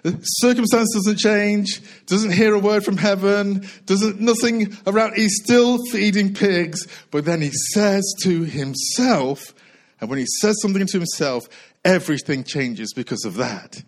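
A middle-aged man delivers a sermon from the pulpit with a rather high voice. He is slightly out of breath and keeps circling back to the same lines, stretching them slowly for weight. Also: poor audio. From United Kingdom. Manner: earnest preaching with repetition and slow emphatic phrases. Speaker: pastor.

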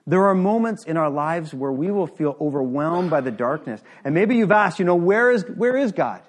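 A man's voice: a little high, lively intonation, normal speed. A man preaching a sermon to a congregation in a room, earnest and emphatic, often checking in with the listeners.

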